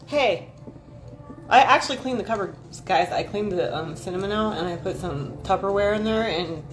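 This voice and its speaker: A woman chatting casually with her viewers on a livestream, rambling and swearing freely as she gossips and answers the chat. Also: mid-range voice. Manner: reacts to chat messages. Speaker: livestream host.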